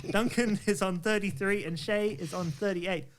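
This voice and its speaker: A man hosting a playful podcast game, upbeat and quick to laugh and praise the players. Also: sits high. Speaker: game show host.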